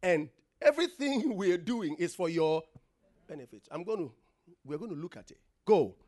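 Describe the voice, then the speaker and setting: A man's voice: high voice, big pitch swings, moderate pace, a little mellow. A man preaching a sermon, emphatic and full of questions to the congregation, getting them to repeat words after him.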